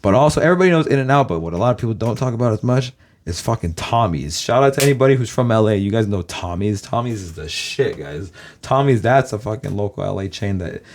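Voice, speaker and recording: A man's voice: fairly low pitch, a little mellow. A man from Los Angeles with a Californian American accent, rambling to his viewers in a casual, profane monologue full of "guys". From Los Angeles, USA. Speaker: vlogger.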